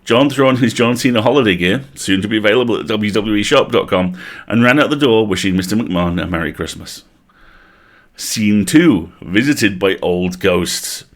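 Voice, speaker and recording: A man's voice: lowish voice, normal speed. Playful man reading a comic story aloud. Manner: playful, breaks off to laugh and comment. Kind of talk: comic live-stream reading with character voices.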